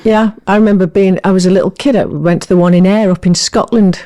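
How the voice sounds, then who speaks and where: A woman's voice: mid-range voice, steady tone, dark tone. A woman co-hosting a podcast in playful, joking casual chat. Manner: playful, jokey, quick to laugh. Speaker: podcast co-host.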